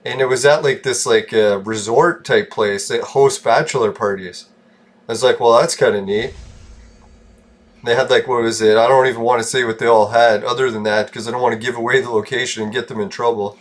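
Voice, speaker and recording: A man's voice: mid-range voice, steady tone, brisk. Young male streamer, mumbly, rambling, chuckling at his own jokes. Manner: rambling, chuckles often, self-mocking asides. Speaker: gaming streamer. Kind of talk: casual rambling chat while gaming. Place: home room with painted walls.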